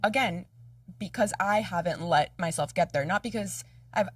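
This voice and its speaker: A woman's voice: lowish voice, normal speed, husky, no room sound, clean studio sound, distant mic. A woman podcast host in casual chat, open and affirming, speaking about her own dating life. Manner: open, affirming, short agreeing replies.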